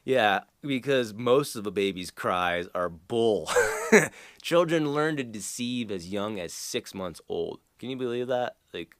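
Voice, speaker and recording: A man with a fairly low voice rambles through a casual vlog monologue, chuckling often and stumbling as he searches for words. The sound is dry and close, with little room around it. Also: animated, takes it slowly, dry recording. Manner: rambling, chuckling, loses his train of thought. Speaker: vlogger.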